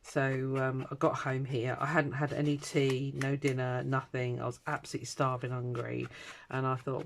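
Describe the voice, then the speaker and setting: A woman's voice: a bass voice, moderate pace, a little hiss or hum. A middle-aged woman, rambling through a personal story in casual chat, acting out the voices of the people in it. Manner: rambling anecdotal storytelling, animated quoting. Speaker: crafting vlogger.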